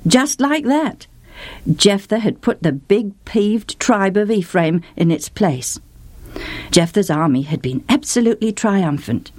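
A woman's voice: mid-range voice, lively intonation, unhurried, darkish tone, no room sound. A woman telling a story with vivid emotion, speaking straight to her listeners. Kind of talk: dramatic story narration.

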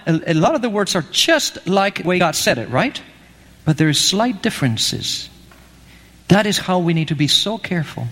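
A male preacher with a high, very lively voice that swoops up and down as he talks with his listeners and poses questions. His words ring with long hall reverb. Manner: conversational, asks the audience questions. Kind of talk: sermon. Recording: echoey hall.

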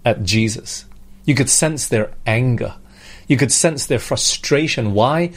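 A man's voice: mid-range voice, darkish tone. A man preaching a sermon in an earnest manner, asking his listeners rhetorical questions. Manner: earnest, rhetorical questions, acts out pleading prayers.

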